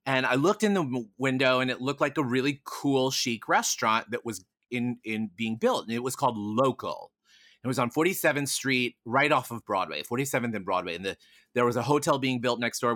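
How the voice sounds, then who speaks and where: A man, a podcast guest, telling a candid personal story in a frank, animated way and swearing casually. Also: medium pitch, dry recording, clean studio sound.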